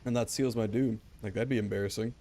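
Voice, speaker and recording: A man's voice: fairly low pitch, steady tone, quick pace, mellow, a little hiss or hum. A man streaming a game, rambling and joking back and forth with his chat. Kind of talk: casual gameplay commentary.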